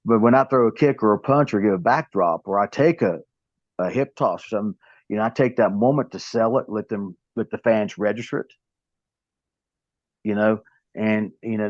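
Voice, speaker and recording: A slightly mellow, low-leaning male voice belongs to a pro wrestler in his fifties from the American South. He's a casual interview guest whose rambling anecdotes restart again and again. The lo-fi recording sounds dull and dry.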